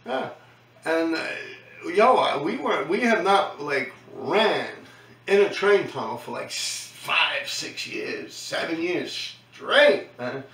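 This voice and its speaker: Middle-aged New York man, fairly high, sharp voice; profane street storyteller, recorded off-mic in an echoey room. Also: expressive, slow pace, recorded from a distance. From New York City. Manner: profane, slangy, keeps tagging lines with "man". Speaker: host recounting his graffiti days. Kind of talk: casual storytelling monologue.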